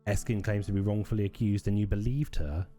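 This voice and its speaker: Brief: man doing a scornful old woman village leader, curt and dismissive, low warm tone. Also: fairly even intonation, fast talker, faint music behind, close to an everyday voice.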